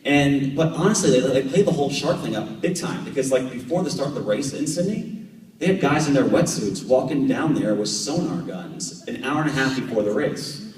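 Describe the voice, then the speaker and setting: A man's voice: medium pitch, moderate pace, far from the mic. American man telling stories in an echoey hall. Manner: animated, acts out conversations, many fillers. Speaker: guest speaker, professional triathlete. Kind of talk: storytelling talk to a club audience. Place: club meeting room with audience. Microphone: camera at the back of the room.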